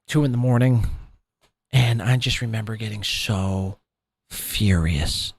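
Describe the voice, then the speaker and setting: A man's voice: on the low side, a little slow, husky, no room sound, clean studio sound. A man hosting a podcast who rants in a profane, scornful, rambling way about people he covers. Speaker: podcast host. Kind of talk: ranting commentary.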